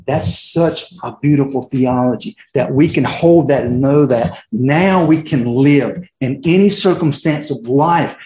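A middle-aged pastor preaches in a church sanctuary, his medium-pitched voice carrying a darkish tone. His sermon is casual and conversational, full of fillers and restarts, with roomy church echo on the recording.

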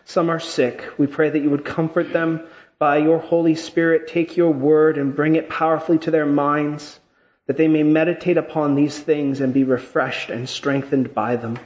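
Pastor, male, slightly high voice, earnest measured scripture reading and prayer, muffled lo-fi sound. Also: level tone, a little mellow.

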